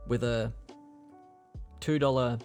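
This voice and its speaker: A man's voice: medium pitch, fairly even intonation, takes it slowly, darkish tone, faint music behind. A young man casually explaining a keyboard build on a livestream, rambling with lots of fillers. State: hiccuping.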